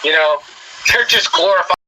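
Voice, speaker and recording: A man's voice: high-pitched, animated, normal speed, pushed and bright, poor audio. A man giving a sarcastic, lecturing commentary that mocks his targets.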